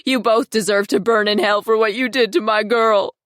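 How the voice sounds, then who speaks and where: A woman narrator voicing a fierce, protective middle-aged mother who is sharp and angry with outsiders and soothing to her daughter. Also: mid-range voice, lively intonation, a little slow, no echo, clean studio sound. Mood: hostile.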